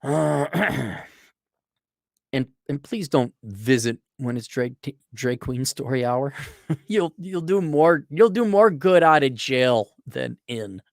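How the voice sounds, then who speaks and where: A man's voice: medium pitch, animated, takes it slowly, vocal fry, no echo, clean studio sound. A middle-aged man giving a blunt, profane, casual monologue answering listener questions, acting out quoted exchanges.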